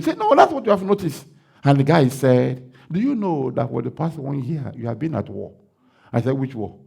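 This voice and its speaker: A Nigerian pastor preaches with a lively, swooping delivery and a gravelly edge in his voice. He acts out the dialogue of his story and rises into loud declarations. His voice sits a little high for a man. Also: brisk. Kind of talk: sermon with told story.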